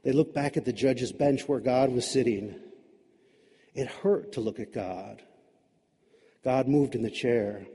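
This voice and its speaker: Man, storyteller, sardonic, dramatic, husky voice, reverberant room. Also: mid-range voice, measured pace, pauses often, mellow. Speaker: narrator. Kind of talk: storytelling narration.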